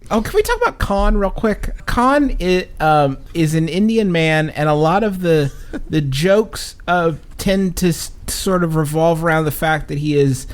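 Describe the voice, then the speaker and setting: Man, podcast co-host, wry casual chat, slightly high-pitched. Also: expressive, unhurried.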